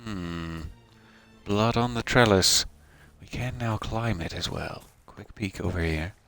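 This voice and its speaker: A man's voice: sits low, slow, gravelly, fairly bright tone, soft background music. A man giving casual, joking commentary while playing a video game as the host of a let's play. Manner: joking, self-deprecating asides.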